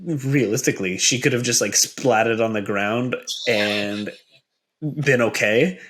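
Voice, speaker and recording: Slow-talking man reacting in chat. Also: medium pitch, a bit bright. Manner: chimes in with short reactions and laughs. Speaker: podcast co-host. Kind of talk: casual movie review chat.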